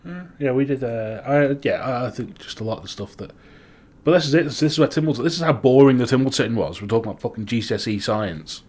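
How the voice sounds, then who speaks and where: A man's voice: medium pitch, lively intonation, fast talker, darkish tone. Casual swearing Manx man. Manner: swears freely, rants with rising animation. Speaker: podcast co-host. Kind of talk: casual chat.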